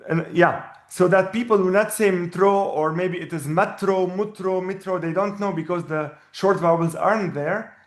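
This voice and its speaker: A man whose first language is Arabic, teaching a language lesson and patiently repeating each word slowly. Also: high voice. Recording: roomy echo.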